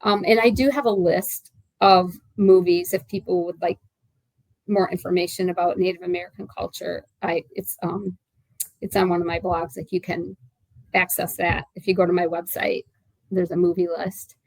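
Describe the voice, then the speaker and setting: A woman's voice: fairly low pitch, steady tone, normal speed, vocal fry, no room sound, rough recording. Chatty woman in her sixties, dry sound. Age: 60s. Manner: chatty and rambling, with many fillers and restarts. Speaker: author being interviewed. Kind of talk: casual interview chat.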